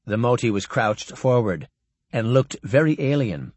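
A man narrating a science fiction audiobook in an expressive way. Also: mid-range voice, a little slow, no room sound.

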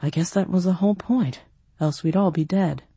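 A woman's voice: fairly low pitch, normal speed, mellow, husky, no echo. Woman voicing earnest young prince, shaken, dry close sound. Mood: bewildered.

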